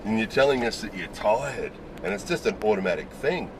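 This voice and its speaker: Deep-voiced Australian man ranting casually. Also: expressive, brisk, noisy background. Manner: candid, rambling, opinionated, many "you know"s. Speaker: video host. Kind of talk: casual opinion talk.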